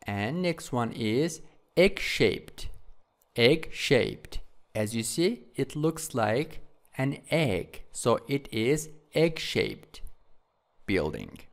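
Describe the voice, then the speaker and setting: Male English teacher, patient drilling style, unhurried and animated in pitch. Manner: repeats each word several times, slow drilling; friendly, with checking "okay?". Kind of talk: classroom vocabulary tutorial.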